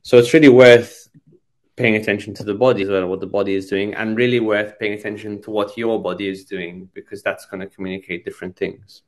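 A man's voice: fairly low pitch, fairly even intonation, brisk. A man giving a conversational teaching talk on medical communication, thoughtful, with frequent restarts and repeated words. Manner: thoughtful, many restarts and repetitions. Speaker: psychiatry lecturer.

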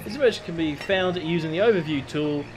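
A man's voice: a little high, fast. An Australian man rambling through a game tutorial in casual commentary, reading the on-screen text aloud and swearing now and then. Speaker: gameplay commentator. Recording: music playing under the voice.

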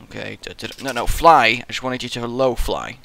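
A man's voice: medium pitch, brisk, gravelly, bright, forceful tone, a little hiss or hum. A young man, commentating his own gameplay in a rambling, goofy way, muttering to himself and slipping into silly voices. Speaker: Minecraft let's player.

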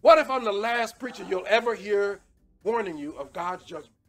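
A man preaching a sermon with fervent, repetitive calls to repent, swinging from shouting to hushed pleading. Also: high-pitched, expressive, moderate pace, faint music behind.

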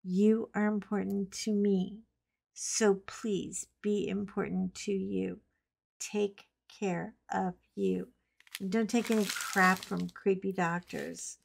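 A woman's voice: medium pitch, creaky, slight background noise. A middle-aged woman chatting casually at home while she paints, telling a funny story with frequent laughs and a bit of salty language. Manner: chatty storyteller, laughs often, colorful swearing. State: recovering from a cough. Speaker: craft channel host. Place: home craft table.

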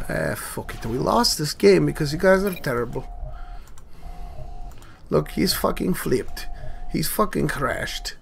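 A man hosting a gaming channel, giving casual gameplay commentary with profane, excitable outbursts at his teammates. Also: medium pitch, measured pace, gravelly, faint music behind.

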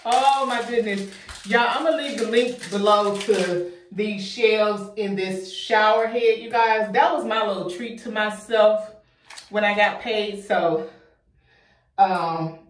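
A woman's voice: mid-range voice, slow, echoey room, far from the mic. A young woman vlogging, chatty and effusive, a little out of breath as she talks to her viewers. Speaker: home organization vlogger. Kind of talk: casual vlog chat. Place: bathroom.

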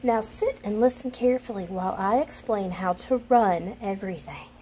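A woman voicing a proud, bossy modern witch who gives brisk instructions. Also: mid-range voice, mellow, a little hiss or hum, lightly acted.

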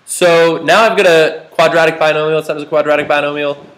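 A man's voice: on the high side, fairly even intonation, fairly quick, a bit bright. A man teaching a math class, joking and quizzing his students as he works problems. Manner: playful, jokey, asks the class questions. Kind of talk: classroom lecture.

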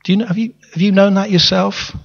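A man's voice: sits high, fairly even intonation, quick pace, vocal fry. A man preaching a sermon in a church, earnest, often restarting his words and asking the congregation questions. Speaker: pastor. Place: church hall. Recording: reverberant hall, dull lo-fi sound.

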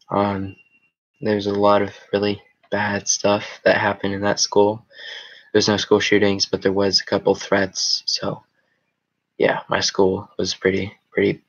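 A man's voice: lowish voice, lo-fi sound. A young man hosting a casual live chat with viewers, rambling with many fillers and restarts. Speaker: show host.

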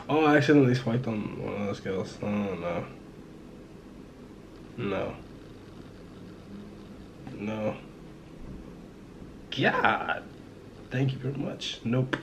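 A man's voice: fairly low pitch, expressive, slow, gravelly, pauses often, background noise. A young man from Liverpool chatting to his camera at home in a rambling, self-mocking way, full of fillers and restarts. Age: young adult. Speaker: vlogger. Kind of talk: casual rambling vlog chat. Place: at home indoors.

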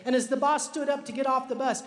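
A man telling a story to a live audience, slowing down for emphasis like a dramatic storyteller. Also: very high voice, steady tone. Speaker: author and speaker. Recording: echoey hall with long reverb.

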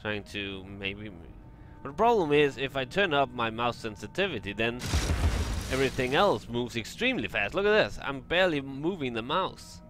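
A man's voice: medium pitch, very animated, moderate pace, noisy background. Frustrated young man commentating gameplay. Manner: frustrated, swearing, exasperated. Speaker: let's play gamer. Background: game music.

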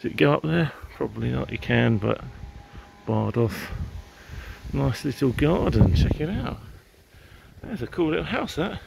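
Strolling through gardens for his vlog, this man with an English accent chats and rambles casually, swearing now and then. He has a medium-pitched, expressive, creaky voice and takes his time, with background noise in the recording. Distant garden machinery hums faintly in the outdoor ambience.

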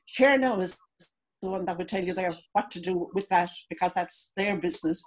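A woman's voice: lowish voice, a little fast. A woman with an Irish accent, a guest reminiscing in a chatty way with many restarts over a video call. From Ireland. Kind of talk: video call interview chat.

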